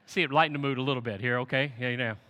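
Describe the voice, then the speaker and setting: A man preaching a sermon as pastor, telling stories with lively swings between soft and loud passages. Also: mid-range voice, very fast. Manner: animated storytelling with big swings in loudness. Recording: long hall reverb.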